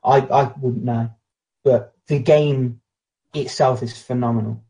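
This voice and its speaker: A man's voice: medium pitch, fairly even intonation, unhurried, dark tone. A British man co-hosting a casual podcast chat, blunt and opinionated, telling anecdotes. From Britain. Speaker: podcast co-host.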